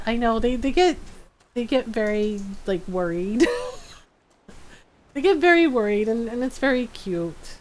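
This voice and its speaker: Woman game streamer, casual, animated storyteller, somewhat high voice. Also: a little slow, pauses often. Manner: chatty, laughing, animated storytelling. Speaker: gaming streamer. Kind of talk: casual chat while live-streaming a game.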